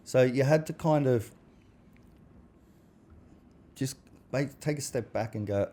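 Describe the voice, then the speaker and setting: With a mellow, mid-range voice, a man in his 40s talks slowly and leaves long pauses. He's a podcast guest in a casual chat, speaking bluntly, swearing, and playing out the dialogue of the exchanges he recounts.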